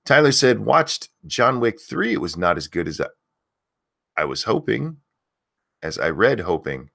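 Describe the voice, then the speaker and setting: A man hosting a casual live stream, loudly calling out viewers' names and talking frankly with mild swearing. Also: lowish voice, very animated, measured pace, vocal fry. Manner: loudly calls out viewer names, then drops back to easy talk. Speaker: host of a live stream show.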